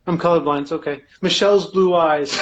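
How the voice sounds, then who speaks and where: A man with a voice a touch higher than usual talks over a video call with a faint hiss behind it. He teases his co-host and reassures her. He reads his own verse slowly and deliberately. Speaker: co-host and poet on a livestream. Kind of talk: casual livestream chat and poetry reading.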